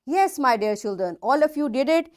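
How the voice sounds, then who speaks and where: A woman's voice: sits high, lively intonation, normal speed, a little mellow, clean tone. A woman with a Pakistani English accent teaching a recorded phonics lesson to children, patiently repeating example words and checking that they follow.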